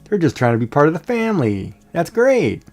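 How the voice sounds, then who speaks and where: Male streamer, casual jokey chat, animated delivery, soft music underneath. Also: fairly high pitch, brisk. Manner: joking, lively, chatty. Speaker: livestream host.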